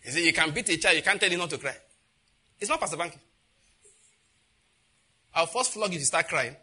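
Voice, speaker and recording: A man preaching a sermon as pastor, animated and laughing as he acts out what others say. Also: fairly high pitch, fairly quick, a little hiss or hum.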